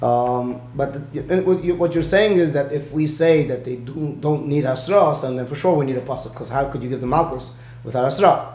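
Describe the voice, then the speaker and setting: A man's voice: mid-range voice, a little fast, a little mellow. Man teaching Talmud in an echoey room. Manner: explains step by step, checks in with "right?". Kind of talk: one-on-one Talmud lesson.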